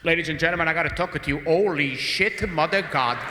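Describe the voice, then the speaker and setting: A man's voice: fairly high pitch, fairly quick, pushed and bright. A man voicing a panicky, dramatic immigrant uncle making a plane announcement in broken English. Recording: echoey hall, faint ambience.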